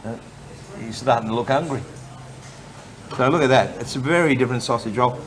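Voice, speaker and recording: A man's voice: medium pitch, brisk. A man with a mid-range voice talks casually and jokes while he eats. He hosts a travel segment from a restaurant table. Plates and chatter fill the noisy room around him. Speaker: travel show host. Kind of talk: casual chat over a meal.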